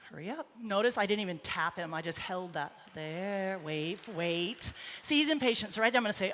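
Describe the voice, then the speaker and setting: A woman's voice: medium pitch, animated, brisk, few pauses, fairly bright tone. Chatty horse trainer woman in an arena. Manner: chatty, encouraging, talks to the colt and crowd. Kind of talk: live arena demonstration. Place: large indoor horse arena. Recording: reverberant arena with faint noise.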